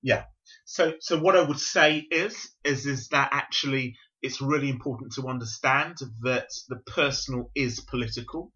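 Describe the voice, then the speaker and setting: London man in his fifties, bright forceful voice, measured reflective talk, dull lo-fi sound. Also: medium pitch. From South London, England. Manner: measured, reflective explaining with frequent fillers. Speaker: Pentecostal bishop, guest. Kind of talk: podcast interview. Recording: dull lo-fi recording.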